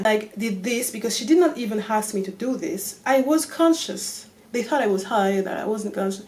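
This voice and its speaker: A woman with a French accent, a native French speaker, telling a story on her vlog in an animated way and swearing often. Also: medium pitch. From France. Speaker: vlogger.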